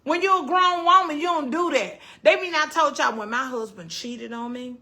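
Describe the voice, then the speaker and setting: Bright, animated woman livestreaming at home. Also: high-pitched, moderate pace. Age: 50s. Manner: animated storytelling, swearing freely, reading out viewer comments. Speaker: livestream host. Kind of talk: casual livestream chat.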